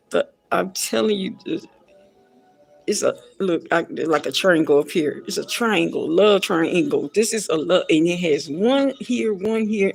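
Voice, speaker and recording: A woman with a gravelly, fry-laden voice delivers casual pop culture commentary. She talks bluntly, circles back on her points and sounds exasperated. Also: fairly low pitch, a little mellow.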